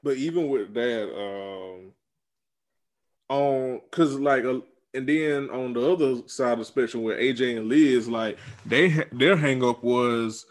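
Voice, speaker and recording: A man's voice: mid-range voice, measured pace. A man co-hosting a podcast in casual chat, rambling with many ums and restarts. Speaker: podcast co-host. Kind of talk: casual chat reviewing a reality dating show.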